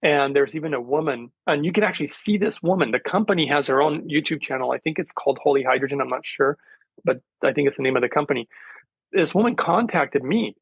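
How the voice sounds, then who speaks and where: A man's voice: a little high, animated, quick pace, gravelly, breathy edge, dry recording, low-quality recording. A man speaking as a guest in a casual interview, earnest and rambling, with many fillers. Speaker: guest, hydrogen therapy specialist.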